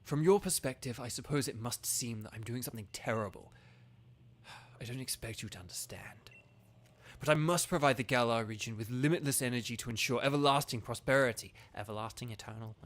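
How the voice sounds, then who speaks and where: A man's voice: medium pitch, brisk, a bit bright, voice pushed down, lightly acted. A man reading a zealous middle-aged businessman villain aloud, in a solemn, self-justifying voice. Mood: solemn, grandiose.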